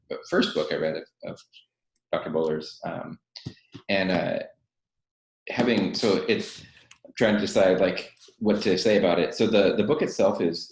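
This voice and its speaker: A man with a very low voice and a gravelly rasp chats casually about books. He rambles, restarts and fills pauses as he goes. The sound bounces around the bare office he records in. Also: a little hiss or hum. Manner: rambling, many fillers and self-corrections. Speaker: podcast co-host and teacher. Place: his office, echoing room. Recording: echoey office room.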